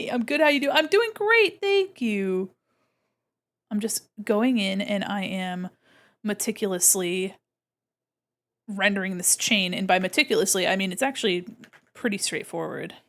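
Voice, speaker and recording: A woman's voice: mid-range voice, a little slow, long pauses, a bit bright. A woman streamer chatting casually while she draws. She is bubbly, greets her chat and exclaims often.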